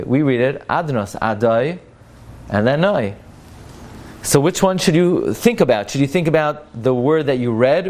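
A man's voice: medium pitch, darkish tone. Guy teaching a torah class, emphatic, keeps correcting how you say the hebrew words. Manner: emphatic, drills Hebrew pronunciation, asks rhetorical questions. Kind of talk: classroom halacha lesson.

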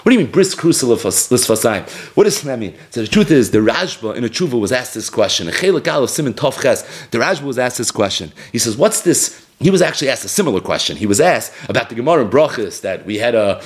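A man giving an animated Torah lecture on rabbinic responsa, telling the story with chuckles. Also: quick pace, few pauses. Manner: animated storytelling with chuckles, lively pitch swings. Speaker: Torah teacher.

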